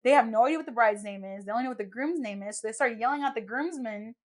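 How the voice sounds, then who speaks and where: This young podcast host is a fast talker with a fairly high pitch, speaking into a podcast microphone. In casual conversation she spins lively stories, acting out each quoted person.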